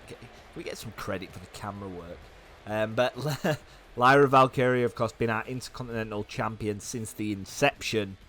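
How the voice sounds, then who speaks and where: A young man with a hoarse, fading voice, giving fast, chatty commentary on a wrestling video game. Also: medium pitch, a bit bright. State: hoarse, losing his voice. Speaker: gaming YouTuber.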